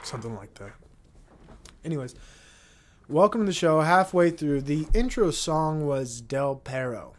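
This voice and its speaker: A man's voice: on the high side, lively intonation, measured pace, noisy background. A man talks alone into his podcast mic in a loose, wandering way, tossing off jokes and curse words as ideas come to him. His voice sits a touch above the usual male range. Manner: rambling, profane, jokey. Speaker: podcast host. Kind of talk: solo podcast monologue.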